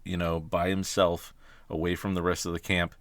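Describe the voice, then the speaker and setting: A man with a very low voice chats about running tabletop games on a podcast. He speaks thoughtfully and often restarts his phrases, and the sound is dry and close. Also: flat delivery, normal speed, fairly bright tone, dry recording. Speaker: game master, podcast speaker. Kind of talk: casual podcast chat.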